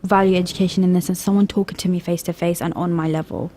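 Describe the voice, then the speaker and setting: A woman's voice: on the low side, level tone, racing, warm tone. A young woman co-hosting a casual youth radio discussion, rambling and hesitant with frequent laughs, speaking into a studio microphone. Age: young adult.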